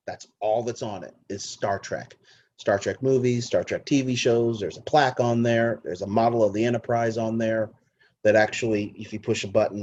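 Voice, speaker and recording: A fairly low-voiced man hosts a casual movie podcast, rambling enthusiastically and cursing freely. His voice comes through a dull, lo-fi recording. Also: darkish tone, a little hiss or hum. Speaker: podcast host.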